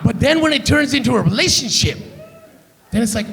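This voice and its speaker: A Canadian man doing stand-up on a theater stage, brash and profane, with lots of crowd teasing. His voice sits high for a man and has a gravelly edge. He is heard through a handheld stage mic. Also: expressive, a little fast, long pauses, fairly bright tone. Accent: Canadian English. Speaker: stand-up comedian. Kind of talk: live stand-up comedy. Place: live theater stage with audience.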